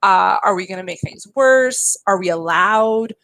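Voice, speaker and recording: A woman's voice: mid-range voice, unhurried, a bit bright, no room sound, poor audio. A young woman game developer talking casually in a panel chat, chatty with lots of fillers and laughter. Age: young adult.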